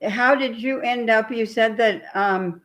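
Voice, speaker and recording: A woman hosting a casual podcast interview, asking questions in a halting way with frequent restarts. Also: fairly high pitch, a bit bright. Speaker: podcast host.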